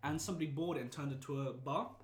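A young man from Poland telling a story in casual chat, animated, laughing often and swearing freely. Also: a little high, very fast. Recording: echoey room, faint noise.

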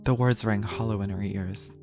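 A man narrating a horror audio drama in a measured, even storytelling voice. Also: on the low side, vocal fry. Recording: music playing under the voice.

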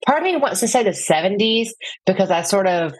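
A woman's voice: medium pitch, expressive, a little fast, slightly rough, dry recording, low-quality recording. A woman in her forties chatting casually with her sister on a podcast, hesitating and laughing easily. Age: 40s. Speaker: podcast guest. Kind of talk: casual chat between sisters.

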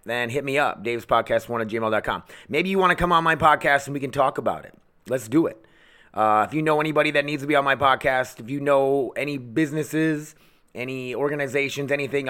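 Guy ranting on his home podcast, blunt, swears constantly, mid-pitched voice. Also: brisk, bright, forceful tone, smooth. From United States. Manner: profane, blunt, goes off on rants. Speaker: podcast host. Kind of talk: angry ranting monologue.

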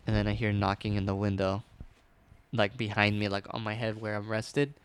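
A man's voice: on the low side, little pitch movement, normal speed, noisy background. Young man telling a story in slangy chat. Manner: loose, slangy and profane, full of fillers.

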